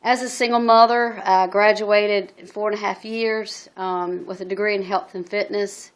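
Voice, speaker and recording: Halting, flat-voiced middle-aged woman. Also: medium pitch. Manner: halting, many ums and restarts; earnest and emotional. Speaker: single mother telling her story. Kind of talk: personal video testimony. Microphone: phone.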